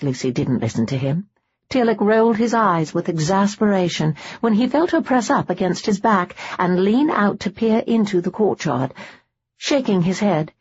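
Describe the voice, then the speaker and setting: Husky lowish woman reading an audiobook, steady pace, kinda dull lo-fi sound. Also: no echo. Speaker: audiobook narrator. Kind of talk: scripted romance audiobook narration.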